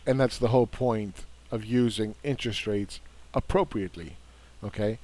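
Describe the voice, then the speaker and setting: A man's voice: fairly low pitch, moderate pace, few pauses, darkish tone. A man giving a combative, casual market commentary, dismissing opposing views and repeating words for emphasis. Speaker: investing commentator.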